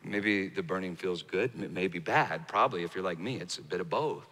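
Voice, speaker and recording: A man preaching a sermon, telling a story with emphatic rises and hushed, slow passages. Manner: storytelling, swinging from raised emphatic bursts to hushed, low, slow delivery. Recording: hall reverb.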